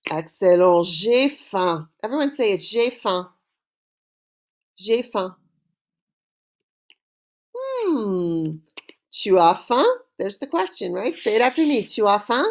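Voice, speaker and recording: A woman teaching a recorded French vocabulary lesson, saying words slowly for students to repeat and praising them often. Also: medium pitch, sing-song. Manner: slow call-and-repeat drilling with cheerful praise. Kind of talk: recorded online language lesson.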